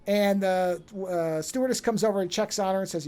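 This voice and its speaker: A man co-hosting a podcast, recapping a horror film in an animated, rambling way with many restarts. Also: sits high, a little fast, hardly any pauses. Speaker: podcast co-host. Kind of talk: casual film-discussion chat.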